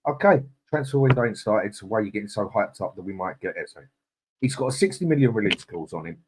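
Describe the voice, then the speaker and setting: A man's voice: on the low side, animated, quick pace, noisy background. A man hosting a live football stream, ranting angrily and swearing, then reading out and greeting viewers in the chat by name. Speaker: host.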